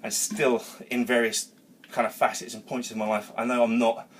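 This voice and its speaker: A man talking straight to camera in his garage gym, still worked up from a workout. His voice sits at an ordinary middle pitch. He rambles energetically through a motivational talk, swearing casually as he goes. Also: flat delivery, moderate pace. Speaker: vlogger.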